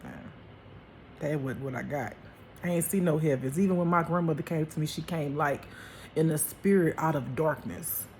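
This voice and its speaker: Speaking at normal speed in a low, darkish voice, a woman acting as a life teacher talks through a casual spiritual monologue. She is emphatic and chatty, laughs frequently, and uses endearments like honey and baby, with slight background noise behind her.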